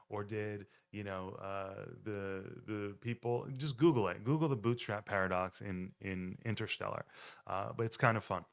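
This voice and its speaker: Man, lowish voice, casual rambling film recap, restarts often. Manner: rambling, self-correcting retelling. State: choked up, near tears; tired. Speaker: podcast host.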